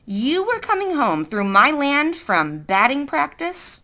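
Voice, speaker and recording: A woman reading aloud as a tough, wry middle-aged woman with a wooden leg who fires pointed, teasing questions. The delivery is bright and lively, rising and falling as she presses for answers in a storybook reading. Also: high voice, slow pace, pitched above the performer's own voice, full character voice. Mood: probing. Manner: sardonic, interrogating.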